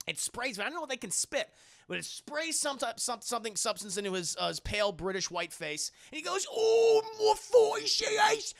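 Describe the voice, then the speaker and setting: A young man casually recapping a movie for his live chat, sarcastic and jokey, swearing freely and acting out the characters in quick asides. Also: high-pitched, vocal fry, sharp tone. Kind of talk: casual profane film recap.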